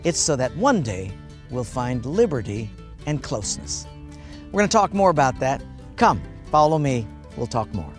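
A man's voice: medium pitch, very animated, moderate pace, faint music behind. A man preaching a sermon as a pastor, telling folksy stories and laughing at his own jokes.

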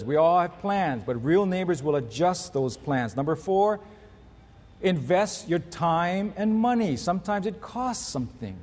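High-voiced preacher in a reverberant hall. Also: male voice, darkish tone. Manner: earnest, teaches in numbered points. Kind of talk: sermon.

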